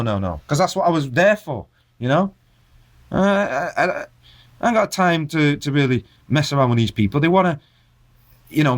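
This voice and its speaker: A man delivering an impassioned video rant, preaching at his viewers and firing rhetorical questions at them. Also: on the high side. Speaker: vlogger.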